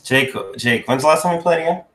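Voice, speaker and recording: A man's voice: a little high, quick pace, fairly bright tone. A man in casual chat on a video call, teasing and joking with his friends.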